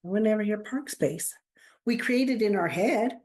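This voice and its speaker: Woman telling lively anecdotes. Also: mid-range voice, unhurried. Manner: animated storyteller, acts out quotes, laughs often. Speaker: podcast co-host, counselor. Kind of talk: casual chat, storytelling.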